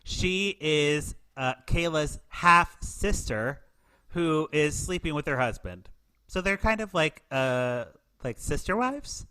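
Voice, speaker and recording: A man's voice: a little high, animated, takes it slowly, bright, forceful tone, clear, resonant tone. A man hosting a podcast, recapping a TV movie in casual chat, joking with many filler words. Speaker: podcast host.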